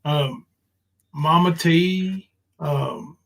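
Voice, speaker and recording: A man's voice: on the high side, extremely slow, vocal fry, fairly bright tone. A man hosting a livestream, rambling casually and hesitating. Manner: rambling, hesitant, with many fillers.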